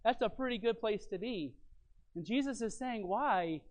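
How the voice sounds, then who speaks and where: A man preaching a sermon as he teaches from his notes. He talks earnestly and emphatically, moving between loud stresses and quiet lines. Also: extremely high pitch, moderate pace. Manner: teacherly, walks through notes and fill-in blanks.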